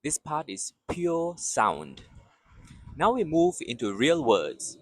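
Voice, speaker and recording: Guy teaching pronunciation super slow, patient, bouncy pitch, kinda high. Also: sing-song, a bit bright, breathy edge, no echo. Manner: slow, patient drilling with exaggerated repeated syllables. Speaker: Mandarin teacher.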